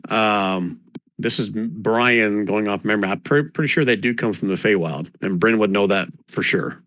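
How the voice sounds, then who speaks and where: A man's voice: on the low side, moderate pace, fairly bright tone, dry recording. A man running a tabletop game as game master, chatty and thinking aloud as he checks his notes. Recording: dull lo-fi dry mic.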